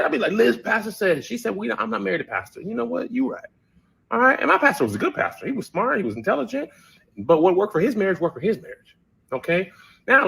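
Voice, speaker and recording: A man's voice: sits high, vocal fry, fairly bright tone, breathy edge. A married man giving wry, conversational commentary with mocking quoted voices. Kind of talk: conversational talk.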